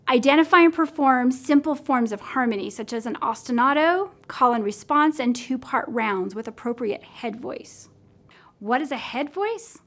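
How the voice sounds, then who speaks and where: Woman, American accent, high voice, clear and encouraging, music lesson demonstration. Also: a bit bright. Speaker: music teacher trainer. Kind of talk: instructional demonstration.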